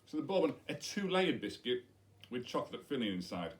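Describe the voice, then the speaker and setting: A man's voice: medium pitch, big pitch swings, a little fast. A middle-aged man, a head teacher, chatting playfully to pupils while demonstrating with props in a school video message.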